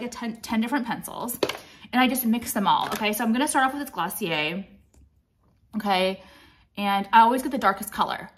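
A woman in her late thirties talks through her makeup routine in a blunt, rambling, foul-mouthed way. She sounds a little out of breath as she goes. Her voice sits at an ordinary middle pitch for a woman. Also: fairly bright tone, a little hiss or hum. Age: late 30s. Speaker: beauty vlogger. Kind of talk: casual makeup tutorial chat.

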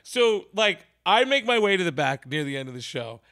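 A man's voice: high voice, normal speed. A man hosting a podcast, telling a long comedy anecdote in a casual, profane way and acting out the people in it. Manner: animated, profane, acts out voices in his stories. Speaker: podcast host. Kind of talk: casual storytelling.

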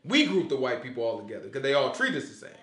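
Delivering a loose Sabbath Bible lesson full of slang, a man keeps checking "you know what I'm saying?" and animatedly performs the voices he quotes, laughing along. He speaks rapid-fire at a medium pitch, and the sound is roomy.

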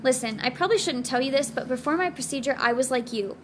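A woman voicing a pale, gentle young man who speaks low and confidingly to reassure. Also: fast, slight background noise, close to an everyday voice.

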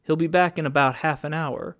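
Male reader doing a wary young counterman, guarded, questioning, a bit high. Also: steady tone, fairly quick, fairly bright tone, no echo, clean studio sound, natural voice.

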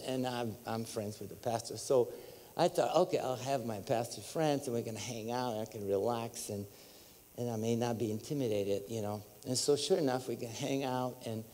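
A man with a Bulgarian accent telling his testimony as a preacher, animated and storytelling, breaking into high exclamations and laughter. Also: in a large hall. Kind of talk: testimony sermon. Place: large church hall.

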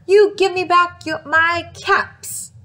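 A woman's voice: extremely high pitch, fairly even intonation, slow pace, pushed and bright, voice pushed up, heavily acted. A woman voicing an angry male peddler who scolds in a storybook read-aloud. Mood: scolding. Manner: finger-wagging, scolding repetition.

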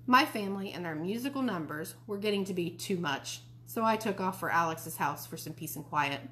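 A woman reading a children's novel aloud for a library, expressive and switching into character voices. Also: on the low side, fairly quick. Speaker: library storyteller. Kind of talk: children's book read-aloud.

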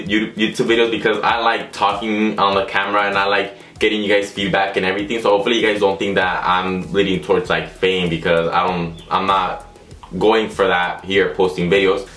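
A man's voice: fairly low pitch, bright, forceful tone. Chatty young man in an echoey room. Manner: rambling, chatty, lots of fillers and restarts. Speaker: YouTube vlogger. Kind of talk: casual storytelling vlog.

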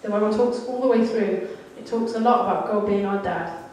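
A woman's voice: mid-range voice, a little fast, a little mellow. A woman giving a sermon, telling a candid, self-deprecating story about her childhood. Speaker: church speaker. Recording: echoey hall, mic at a distance.

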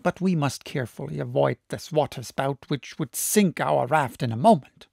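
A man reading aloud, voicing an excitable, boisterous older professor who exclaims loudly. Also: mid-range voice, normal speed, vocal fry, breathy edge, no room sound, clean studio sound. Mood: exclaiming. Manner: loud and emphatic.

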